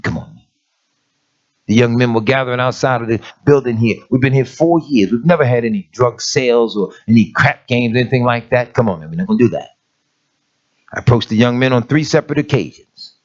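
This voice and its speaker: A man's voice: mid-range voice, fairly quick, a little mellow. Emphatic middle-aged preacher man. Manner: emphatic, street-plain preaching with repeated "come on, man". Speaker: elder of an assembly. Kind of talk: conversational sermon. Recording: dull lo-fi sermon recording.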